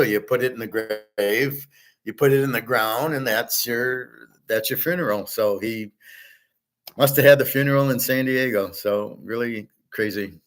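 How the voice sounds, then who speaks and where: A man's voice: medium pitch, a bit bright. A middle-aged man hosting a show, talking in a blunt, rambling, casual way and swearing now and then. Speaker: show host.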